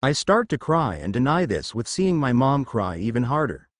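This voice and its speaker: With a sing-song, medium-pitched voice at a moderate pace, a man narrates first-person fan fiction and reads each character's dialogue himself. The recording is clean studio sound without echo.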